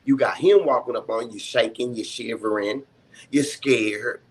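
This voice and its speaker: A man's voice: mid-range voice, unhurried, slightly rough. A man on a talk show panel, speaking passionately and swearing often, then apologizing for getting carried away. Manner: passionate, swears a lot, apologizes after outbursts. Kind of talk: heated casual discussion.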